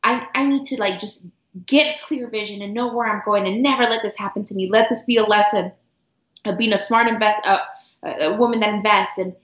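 A middle-aged woman guest telling a personal story earnestly, with halting restarts and repeated words. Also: mid-range voice, steady tone, fairly bright tone. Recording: roomy, dull lo-fi sound.

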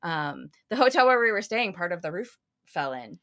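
A woman's voice: on the low side, very animated, moderate pace, fairly bright tone. A woman co-hosting a podcast, chatting casually and rambling through long stories. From United States. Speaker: podcast co-host. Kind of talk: casual chat.

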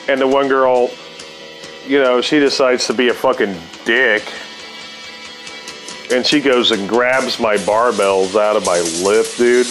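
A man's voice: mid-range voice, fairly even intonation, a little slow, pauses often, a bit bright, faint music behind. A man telling a story from his past in a casual, laid-back way, cursing freely and laughing often.

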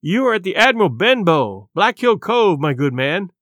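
A man's voice: high voice, sing-song, moderate pace, a bit bright, dry recording, studio quality. A man voicing a frightened, polite innkeeper's boy in an audiobook. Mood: anxious polite. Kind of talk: audiobook character voice.

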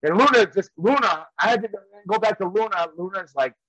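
A man's voice: high-pitched, animated, a little fast, sharp tone, no echo, rough recording. A man and former wrestler telling rambling stories in casual chat, often laughing as he goes. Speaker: professional wrestler and trainer.

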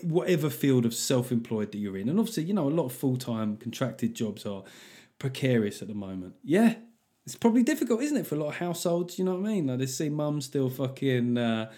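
Animated sweary British podcast host. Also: male voice, medium pitch. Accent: British English. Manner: sweary, jokey, animated, laughs often. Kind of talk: casual comedic monologue reading letters.

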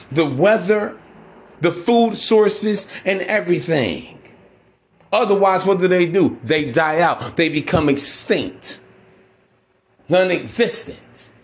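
Brash podcast host, fairly high-pitched man, preachy rant. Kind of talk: ranting monologue.

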